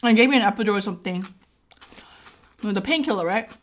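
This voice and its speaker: A woman's voice: mid-range voice, racing. A woman vlogger telling a personal story in a casual way. She acts out the dialogue and keeps checking in with "right?".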